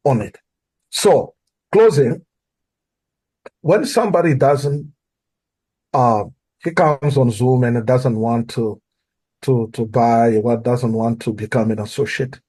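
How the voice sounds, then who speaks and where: A man's voice: a little high, dark tone, breathy edge. A man from Africa with an accent, earnestly coaching on sales follow-up and repeating key phrases for emphasis. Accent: non-native English. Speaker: guest.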